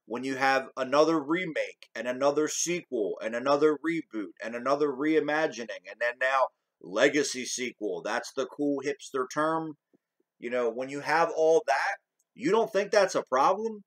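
A man's voice: medium pitch, lively intonation, normal speed, poor audio. A man hosting a commentary video, ranting heatedly about movies with lots of swearing and repetition. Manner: heated, profane, repetitive rant. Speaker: commentary channel host.

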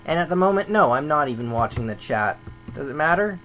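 A man's voice: a little high, lively intonation, fairly quick, fairly bright tone, slight background noise, rough recording. A man talking casually over gameplay as a server admin, grumbling and thinking aloud as he goes.

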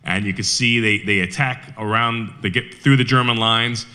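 A man telling a war history story at a Veterans Day event, animated, with rhetorical questions and frequent restarts. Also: fairly low pitch, moderate pace.

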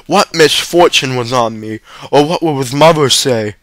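A man's voice: mid-range voice, normal speed, a bit bright, clear, resonant tone, no room sound, lightly acted. A man voicing a fretful father in a pub, reading him aloud with a pleading, worried manner.

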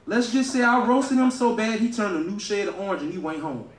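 Southern guy doing stand-up, kinda high voice, echoey club sound from far off. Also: steady tone, fairly quick. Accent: Southern American. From Louisiana. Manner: loud, crowd-working, laughing at own jokes. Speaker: stand-up comedian. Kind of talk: live stand-up comedy. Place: comedy club stage. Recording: echoey club room, heard from afar.

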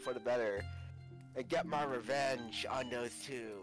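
A sarcastic young woman plotting her revenge, as a man retells a story in her voice. She sounds exasperated and scheming, with music clearly playing behind her. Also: medium pitch, measured pace, natural voice.

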